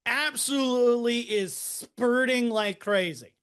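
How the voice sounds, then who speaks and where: A podcast host talks through a case in a relaxed, chatty way, pausing on lots of "like" and "you know". The voice sits at a middle pitch. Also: clean tone. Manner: casual, many fillers, teasing. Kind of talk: casual case walkthrough.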